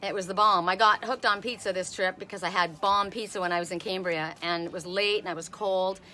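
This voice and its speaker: A woman's voice: mid-range voice, fairly even intonation, a little fast, sharp tone, faint music behind. A woman in her fifties giving a chatty live-stream oracle card reading, talking to viewers by name and laughing often. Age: 50s.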